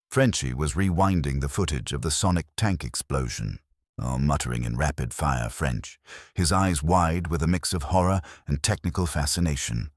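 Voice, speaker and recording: Very deep-voiced dramatic male narrator. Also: moderate pace, dry recording, studio quality. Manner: brooding, theatrical storytelling.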